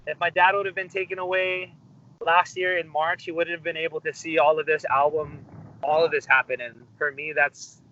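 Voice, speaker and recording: A man's voice: a little high, flat delivery, normal speed, pushed and bright. A young man from Hawaii, telling a story in a casual interview with many fillers and restarts. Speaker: musician guest. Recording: dull lo-fi interview audio.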